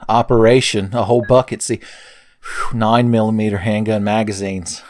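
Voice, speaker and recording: A man's voice: fairly low pitch, little pitch movement, moderate pace, darkish tone. A young man giving casual, jokey commentary while playing a video game, often calling the listener "son". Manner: jokey, playful, keeps calling the viewer "son". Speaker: let's play commentator.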